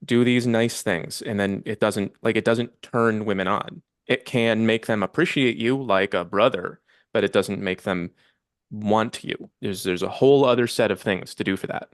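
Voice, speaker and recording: A man who is a podcast guest, explaining his view in a calm conversational way. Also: on the low side, normal speed, no echo, studio quality.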